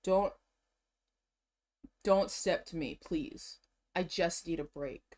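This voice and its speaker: She takes it slowly, her voice on the lower side, as she shops online on stream and chats casually to herself. Excitable and slangy, she laughs a lot and is a little out of breath.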